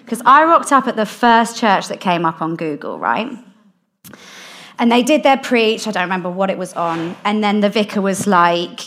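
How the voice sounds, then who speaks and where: A young woman, a guest in an interview, candidly telling a personal story in casual, animated storytelling with frequent laughs. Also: medium pitch, normal speed. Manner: candid, animated, laughs often, drops softer in heartfelt parts.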